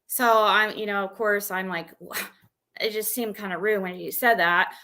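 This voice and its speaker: A woman's voice: mid-range voice, fairly even intonation, unhurried, pushed and bright. A woman streamer venting and rambling as she retells an argument, with many restarts.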